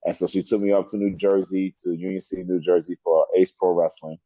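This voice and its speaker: A middle-aged man, a wrestler guest in an interview, telling animated stories and laughing often. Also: sits low, fairly quick, slightly rough, no room sound. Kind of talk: storytelling interview. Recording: dull lo-fi sound.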